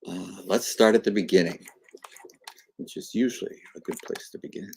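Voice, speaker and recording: A man commenting live on a chess game with a lowish voice and lots of energy. He walks through the moves and voices both players' thinking as if they were chatting. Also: moderate pace, creaky, slight background noise. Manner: animated, acts out the players as if talking.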